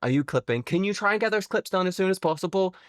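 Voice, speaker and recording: A woman live streamer chatting casually with her viewers, playful and teasing, swearing freely and jumping suddenly into high squeaky exclamations. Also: animated, fast talker, no room sound, clean studio sound.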